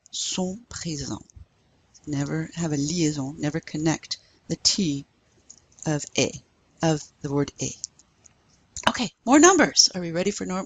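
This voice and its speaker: A woman teaching a recorded language lesson, carefully modeling pronunciation for learners to repeat. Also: lowish voice. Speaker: French teacher.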